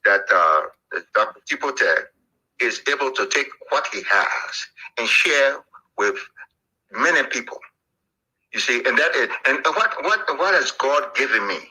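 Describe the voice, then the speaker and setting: An older man with a Liberian accent, telling animated, jokey stories as an interview guest, with plenty of fillers. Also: mid-range voice, measured pace, breathy edge, poor audio. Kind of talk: storytelling interview.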